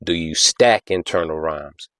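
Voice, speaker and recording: Low-voiced man explaining casually. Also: unhurried, fairly bright tone, no echo. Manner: conversational, repeats himself, frequent "you know what I'm saying"; taps out rhythms with "da da da". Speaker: podcast host.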